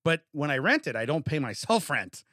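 A man's voice: on the high side, very animated, fairly quick, a bit bright, no echo, studio quality. A man co-hosting a casual podcast, telling a long complaint story and acting out his phone calls. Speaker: podcast co-host. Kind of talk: casual chat.

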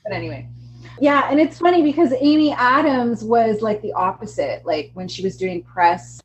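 A woman's voice: a little high, animated, normal speed, rough recording. A woman co-hosting a casual podcast, talking emphatically and laughing often. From Canada. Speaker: podcast co-host. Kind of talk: casual chat.

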